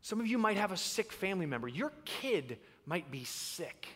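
A man preaching a sermon in a church, an animated storyteller who acts out the voices in his stories. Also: high voice, moderate pace. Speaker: pastor. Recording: long reverb in a large hall.

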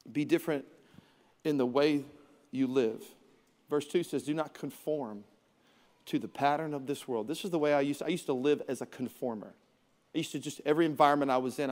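Animated pastor preaching in a reverberant hall. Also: male voice, medium pitch. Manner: humorous, conversational preaching with self-deprecating asides. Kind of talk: sermon.

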